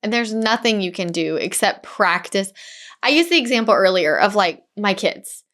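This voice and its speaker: A woman in her thirties co-hosting a casual podcast chat, telling an animated story and acting out the voices she quotes. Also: medium pitch, normal speed. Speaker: podcast co-host, real estate agent.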